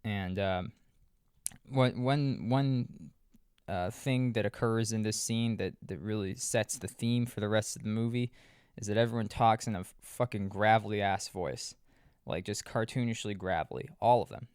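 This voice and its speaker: Low, smooth-voiced rambling man. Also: moderate pace, darkish tone, dry recording, clean studio sound. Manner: rambling, many restarts and fillers, profane asides. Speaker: podcast host. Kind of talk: casual movie recap.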